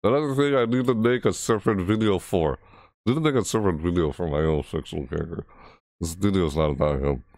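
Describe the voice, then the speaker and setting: Deep-voiced man rambling through a reaction. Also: fast talker, dry recording, clean studio sound. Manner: rambling, restarts often, excitable. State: voice cracking. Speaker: reaction video host. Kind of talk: casual rambling reaction commentary.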